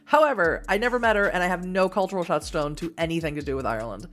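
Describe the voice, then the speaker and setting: A woman's voice: fairly low pitch, expressive, fast talker. Giggly woman reading a game. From Massachusetts, USA. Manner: giggly and self-deprecating. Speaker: streamer reading an interactive novel. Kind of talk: casual reading aloud with chat asides.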